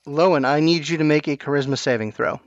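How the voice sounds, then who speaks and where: A man running a tabletop game as game master, narrating in halting bursts with many restarts. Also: on the high side, dry recording. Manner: halting, full of restarts and fillers. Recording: dull lo-fi online call audio.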